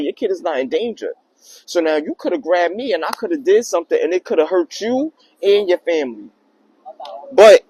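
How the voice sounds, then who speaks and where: A young man telling a personal story in a casual, slangy, animated way on his vlog. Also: high voice, slightly rough, no room sound, low-quality recording. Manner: slangy, animated retelling with acted quotes.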